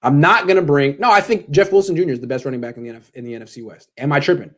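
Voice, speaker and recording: A man's voice: fairly high pitch, very fast. A young man hosting a postgame live stream, joking sarcastically and answering donations, his voice cracking when he gets worked up. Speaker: sports show host.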